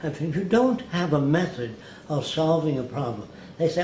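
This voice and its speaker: A man's voice: on the high side, lively intonation, normal speed, few pauses, darkish tone, a little hiss or hum. A man in an interview telling anecdotes in a plainspoken, wry way, often acting out the people he quotes. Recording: roomy archive recording, faint ambience.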